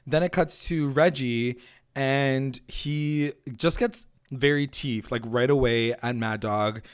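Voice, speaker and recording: Male podcast co-host, casual and profane, mid-range voice, animated quoting of characters. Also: mid-range voice, slow, smooth. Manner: loose, profane, acts out characters' lines. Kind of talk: casual recap chat.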